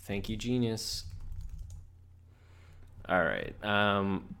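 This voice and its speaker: A man's voice: lowish voice, drawn-out words, gravelly, bright, forceful tone. A man co-hosting a podcast in casual chat, laid-back and freely profane. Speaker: podcast co-host.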